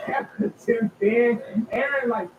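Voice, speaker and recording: A man co-hosting, asking quick teasing questions. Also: very high-pitched. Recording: distant, echoey, dull, noisy.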